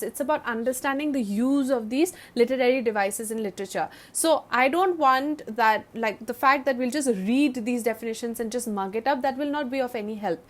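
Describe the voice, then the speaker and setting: A woman with an Indian English accent teaching a literature lesson in a chatty, repetitive way with many fillers. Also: fairly high pitch. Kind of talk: explaining a lesson.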